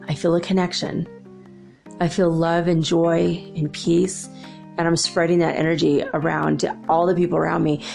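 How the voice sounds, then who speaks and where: A woman's voice: on the low side, gravelly, darkish tone. A woman and mother talking in a casual, rambling spiritual monologue, laughing often as she shares stories. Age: adult with children. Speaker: spiritual channel host.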